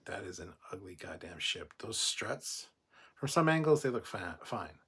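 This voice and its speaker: A man's voice: low voice, big pitch swings, moderate pace, a bit bright, breathy edge. A man hosting a casual livestream, reading chat comments aloud and giving blunt, opinionated replies with plenty of swearing.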